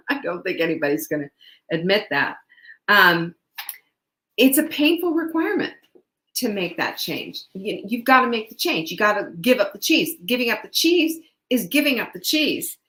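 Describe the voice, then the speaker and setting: Woman host, nutrition coach, casual pep talk, emphatic and chatty, mid-pitched voice, roomy echo. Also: a bit bright. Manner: chatty, emphatic, laughs between points.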